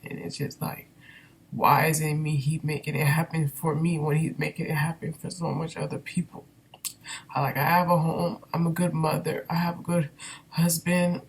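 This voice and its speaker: A woman's voice: deep voice, little pitch movement, moderate pace, husky. A woman candidly venting in a personal vlog, rambling and emotional with many fillers, recorded on a built-in computer microphone. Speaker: vlogger.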